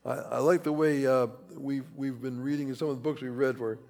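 A man's voice: mid-range voice, steady tone, fairly quick, vocal fry, a little mellow. A man preaching a conversational sermon, rambling and repeating himself, pressing key phrases with rising emphasis. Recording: reverberant hall.

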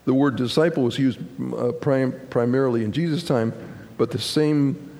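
A man preaching a sermon as pastor, talking in a folksy, halting way with fillers and restarts, to a congregation. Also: medium pitch, warm tone. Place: church sanctuary. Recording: long church hall reverb with congregation.

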